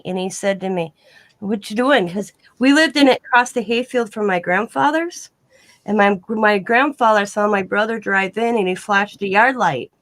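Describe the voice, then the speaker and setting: On a live online chat show, a female guest rambles through lengthy personal anecdotes, voicing the quoted back-and-forth herself without changing her voice. Her mid-range voice is a bit bright, with no echo.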